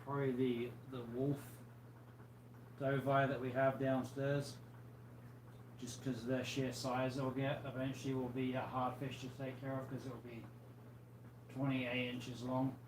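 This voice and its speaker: A man's voice: mid-range voice, flat delivery, normal speed. A man hosting a casual livestream, chatting easily with viewers and reading out their comments, a little tired. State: tired, yawning. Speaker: livestream host. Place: home room with fish tanks. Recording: echoey room, faint background noise.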